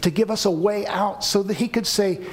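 A man's voice: high-pitched, fairly even intonation, moderate pace, a little hiss or hum. A man preaching a sermon to a congregation, earnest and pleading at times. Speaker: pastor.

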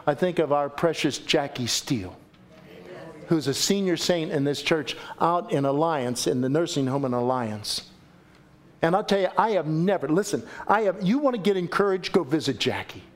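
A male pastor preaching a sermon in church, jokey and animated, acting out quotes. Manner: animated, jokey, acts out quotes with big pitch swings. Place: church sanctuary.

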